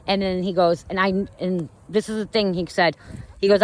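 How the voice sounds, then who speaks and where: A woman's voice: lowish voice, fairly even intonation, normal speed, slight background noise, low-quality recording. A young woman telling a story to her viewers, in a rambling way with lots of "okay" and "you guys", filmed on a phone while she walks along a street. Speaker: vlogger. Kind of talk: casual vlog story. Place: outdoors walking on a neighborhood street.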